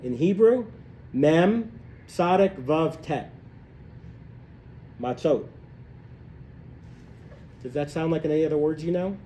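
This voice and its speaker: Male class teacher, animated storyteller, slightly high voice, live room with faint ambience. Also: slow pace, long pauses, slight background noise. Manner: animated, acts out voices in stories, rises in pitch when excited. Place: hotel room, recorded live.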